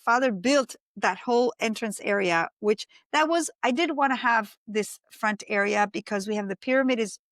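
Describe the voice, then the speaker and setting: A woman's voice: fairly high pitch, normal speed, hardly any pauses, dry recording. A woman from Argentina, a winemaker guest on a podcast, telling stories with animation and acting out what others said. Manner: animated storyteller, acts out quoted voices. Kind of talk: casual interview talk.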